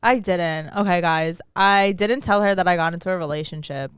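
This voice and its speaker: A woman's voice: on the low side, normal speed, fairly bright tone, clean tone, no echo, clean studio sound. A woman co-hosting a podcast, telling stories in a laid-back, teasing casual chat. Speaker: podcast co-host.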